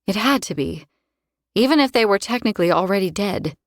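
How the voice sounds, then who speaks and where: A woman narrating a first-person fantasy audiobook in a wry, expressive way. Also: on the low side, normal speed, no room sound, clean studio sound.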